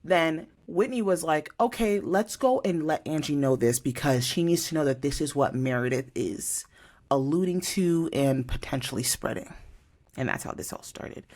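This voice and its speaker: A woman's voice: low-pitched, darkish tone. A young woman co-hosts a casual podcast, recapping reality TV drama. She tells the story with energy and acts out each quote. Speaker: podcast co-host.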